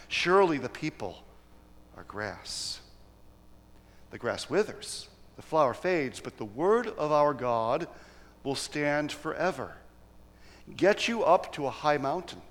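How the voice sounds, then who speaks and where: A man preaching in church, who reads scripture solemnly and talks through his points in a halting way with restarts. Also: medium pitch, a bit bright, in a large hall. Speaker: pastor. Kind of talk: sermon with scripture reading.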